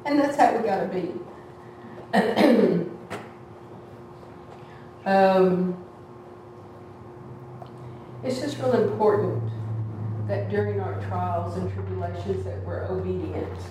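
A woman's voice: mid-range voice, slow, pauses often, warm tone, a little hiss or hum. A woman giving a heartfelt, conversational testimony to a church congregation. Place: church hall. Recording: echoey hall from far off.

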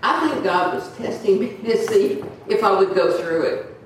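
A woman's voice: medium pitch, animated, normal speed. Older woman, echoey church testimony. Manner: earnest, rambling, acts out quoted voices. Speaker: church member giving a testimony. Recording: very echoey room, from far off, faint noise.

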